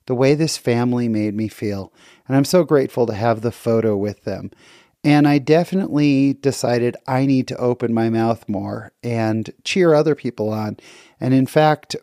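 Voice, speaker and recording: A man's voice: mid-range voice, dark tone, no echo, studio quality. Earnest middle-aged man telling a story. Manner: earnest, reflective, conversational. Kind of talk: personal story talk.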